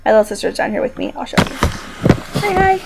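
A woman's voice: sits high, big pitch swings, fast talker, vocal fry, very noisy. A young woman talking casually to her viewers from home while injured and in pain, rambling but upbeat. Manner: chatty, rambling, quietly upbeat despite pain. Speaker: video blogger. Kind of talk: casual personal vlog. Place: downstairs room at home.

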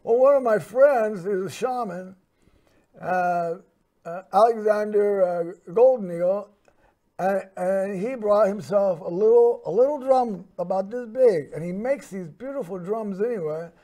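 A man hosting a show tells a personal story in a rambling way, full of fillers and restarts. His voice is high-pitched and mellow.

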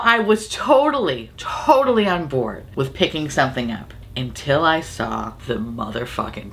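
A woman's voice: sits low, sharp tone. A woman hosting a casual makeup review, swearing freely, exasperated and laughing often. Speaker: beauty video host.

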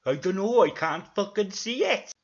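A man voicing a grumpy bald male snail with a gruff, swearing manner and a mock Welsh lilt, on a dull lo-fi recording. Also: high-pitched, lively intonation, moderate pace, voice pushed up, exaggerated voice.

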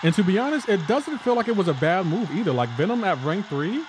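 Over a noisy background, a man with a high, sing-song voice talks a little fast while live-streaming a game. He chats loosely, answers his viewers and says "like" often.

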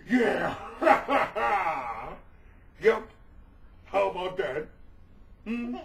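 Indoors at home, a man talks casually for a home video in a chatty, coaxing way, often stammering and repeating words. His voice is high, sing-song and gravelly, with drawn-out words and long pauses. He sits far from the camera mic, and faint room noise comes through.

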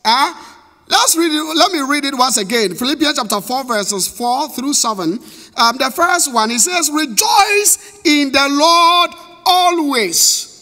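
A man's voice: very high-pitched, animated, moderate pace, pushed and bright. A Ghanaian man, a pastor whose first language is Twi, preaching a sermon that switches between English and Twi, repeating key words and calling out to the congregation. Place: church hall. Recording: long reverb of a church hall.

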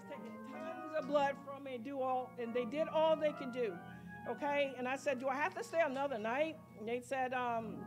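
A woman giving a spoken testimony at a church worship service, telling her story in a rambling, excited way full of quoted dialogue. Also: sits high. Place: church sanctuary.

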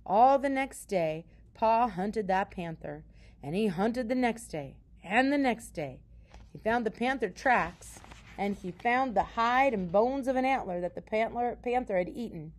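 A woman, a teacher, reading a children's novel aloud in a calm, soft storytelling voice. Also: on the high side, unhurried.

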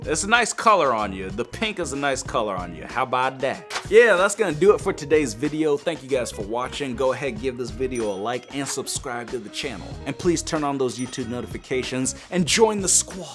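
Give me a young man hosting comedic commentary, teasing and exclamatory, with soft guitar music in the background. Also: mid-range voice, animated, brisk, few pauses. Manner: playful, mocking, exclaims a lot. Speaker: YouTube comedy host.

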